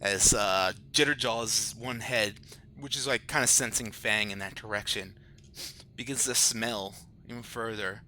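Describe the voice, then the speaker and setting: A man's voice: on the low side, a little slow, bright, forceful tone, a little hiss or hum. A man running and narrating a tabletop game in a loose, chatty way. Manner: loose, chatty, many fillers. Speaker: game master.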